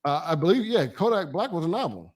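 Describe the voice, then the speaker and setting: A man's voice: fairly high pitch, sing-song, fast, darkish tone. A man co-hosting a casual live stream, talking in a laid-back, hesitant way with frequent restarts. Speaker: co-host.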